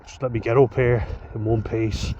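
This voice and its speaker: A man's voice: mid-range voice, moderate pace. An Irish man talking in a rambling, casual monologue, swearing freely and going off on chatty asides. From Ireland. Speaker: vlogger. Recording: dull lo-fi audio with steady noise.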